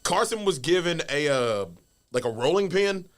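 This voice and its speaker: A man telling stories as a guest on a casual podcast, animated and casually swearing. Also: on the high side, moderate pace. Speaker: wrestler guest.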